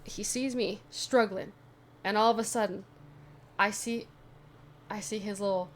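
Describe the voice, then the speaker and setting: A young adult woman casually chatting to her viewers, telling a funny story with lively asides. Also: mid-range voice, unhurried, slight background noise. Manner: chatty, animated retelling with asides. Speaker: vlogger.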